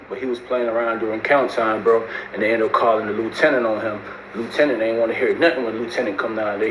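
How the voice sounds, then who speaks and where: Man, casual storytelling, slangy and animated, mimics quoted voices, roomy echo, faint background noise. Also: mid-range voice, fast, hardly any pauses. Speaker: storyteller recounting prison life.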